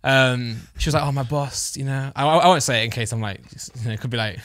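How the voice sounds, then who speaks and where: Podcast co-host: young man, rambling storyteller, rapid delivery. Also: mid-range voice, a bit bright. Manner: chatty storytelling with laughs and restarts. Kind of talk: casual chat.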